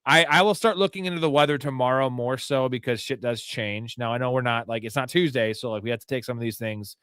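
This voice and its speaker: A man's voice: mid-range voice, quick pace, a bit bright, clear, resonant tone, no room sound, clean studio sound. A tipsy man hosting a live fantasy football show, rambling, joking and swearing as he talks through the chat. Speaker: host.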